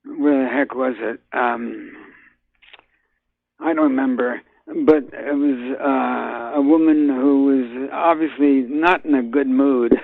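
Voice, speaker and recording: An older man, a guest actor, talking in a phone interview, halting with many fillers and restarts. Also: medium pitch, fairly even intonation, creaky. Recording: tinny phone line.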